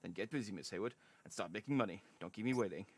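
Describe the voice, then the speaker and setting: A man voicing a cold, greedy male debt collector, talking lower and quieter than his own voice in a stern, clipped, lecturing way. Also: quick pace, dry recording, close to an everyday voice.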